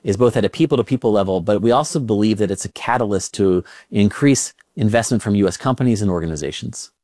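A man's voice: on the low side, quick pace, dark tone, no echo, studio quality. A man, a former diplomat, giving formal, policy-minded interview answers.

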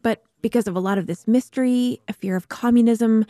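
Female host-narrator, mellow voice, suspenseful storyteller. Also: fairly high pitch, fairly even intonation, brisk, dry recording. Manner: vivid, suspenseful storytelling with casual asides. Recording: faint music underneath.

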